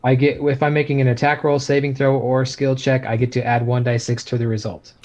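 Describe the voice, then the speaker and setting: A man's voice: medium pitch, flat delivery, brisk, darkish tone. A man playing a tabletop game, cracking wry jokes between rolls. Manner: joking, wry asides. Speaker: player. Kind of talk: casual tabletop game chat. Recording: dull lo-fi mic.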